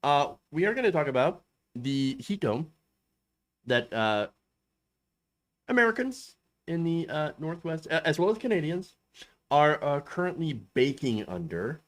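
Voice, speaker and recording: A man hosting a casual political commentary show, goofy and self-mocking, halting often with fillers. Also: on the high side, very animated. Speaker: host.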